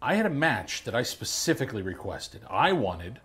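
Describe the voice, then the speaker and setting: Menacing fighter, comedy sketch, low slow threats, middle pitch. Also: male voice, sing-song, a bit bright. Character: menacing male fighter demanding a match.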